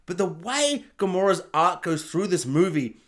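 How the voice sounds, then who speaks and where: A reviewer's voice that swoops up and down as they talk through a film. The delivery is casual and rambling, with plenty of asides. Every so often they slip into a playful mock voice to act out a scene. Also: mid-range voice. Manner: animated, acts out characters in quick mock voices; chatty with many fillers and asides.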